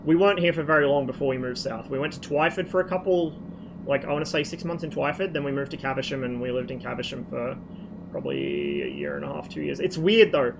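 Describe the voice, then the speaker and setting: A man's voice: medium pitch, lively intonation, fast talker, creaky. A man from Australia chatting casually on a stream, telling rambling, profane stories. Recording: noisy background.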